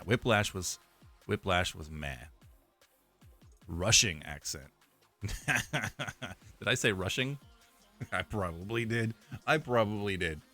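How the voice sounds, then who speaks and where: Young male streamer, casual, rambling, slow delivery over faint music. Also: fairly low pitch, pushed and bright. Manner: rambling, repeats himself, frequent laughs and fillers. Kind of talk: casual live-stream chat.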